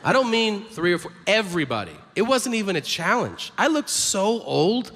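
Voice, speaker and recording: A man's voice: high voice, sing-song, moderate pace. A man doing stand-up comedy, swearing and acting out dialogue in voices as he tells a story on a comedy stage. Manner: profane, acts out dialogue voices. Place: comedy stage before a laughing audience. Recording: live hall with loud crowd ambience.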